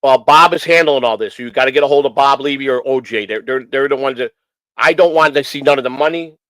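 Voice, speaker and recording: Casting note Male stream host, mid-pitched, dry close sound, rambling and heartfelt, stumbles and repeats himself. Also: quick pace, fairly bright tone, dry recording, rough recording. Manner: rambling, repeats phrases, many restarts; earnest and emotional. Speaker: host of a morning stream show. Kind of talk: casual rambling talk.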